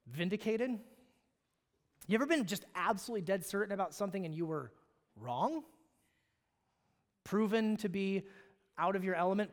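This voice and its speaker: A man from Alaska, a pastor, preaching a sermon in a conversational storytelling way, often restarting his phrases. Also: high-pitched. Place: church sanctuary. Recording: long reverb of a hall.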